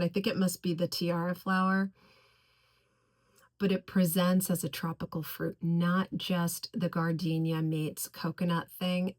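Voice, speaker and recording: A woman reviewing fragrances in a casual video, gushing over each scent and slowly listing its notes. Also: fairly low pitch. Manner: effusive, gushing about scents; slow, deliberate listing of notes.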